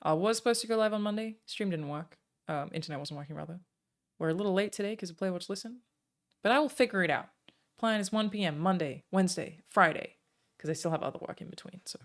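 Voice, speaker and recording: A woman streaming from home, chatting casually into a desk microphone. Her voice sits a little low for a woman. She thanks viewers one by one and fills her pauses with soft "um"s. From Australia.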